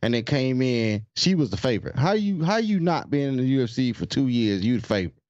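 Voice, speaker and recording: A man's voice: mid-range voice, sing-song, a little fast, darkish tone, no room sound, highs cut off. A man co-hosting a podcast in casual sports chat, laid-back and slangy, often restarting his sentences. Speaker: podcast co-host.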